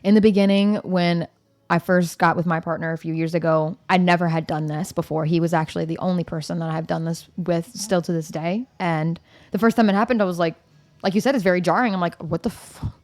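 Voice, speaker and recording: A woman's voice: lowish voice, steady tone, fast talker, darkish tone. A woman co-hosting a podcast chats frankly and openly. She speaks in an earthy, unfiltered way, drops casual swear words and laughs easily as she talks. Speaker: podcast co-host. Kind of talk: candid conversational chat.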